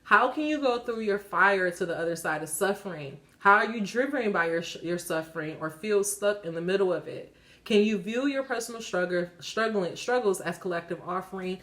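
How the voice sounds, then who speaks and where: A woman's voice: mid-range voice, moderate pace, fairly bright tone. A woman hosting her own channel, giving a casual card reading to her viewers. She reads the cards aloud, breaks off to laugh and swear, and gets emotional. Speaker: tarot reader and channel host.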